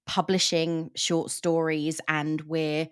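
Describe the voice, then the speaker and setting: A woman's voice: low voice, flat delivery, slow, clean tone. Thoughtful woman explaining a book. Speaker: book discussion host. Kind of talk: casual book chat.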